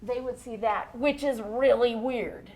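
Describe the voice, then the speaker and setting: A woman's voice: fairly high pitch, measured pace, a little mellow. A woman music educator in a studio, explaining rhythm to a child in a chatty, encouraging way.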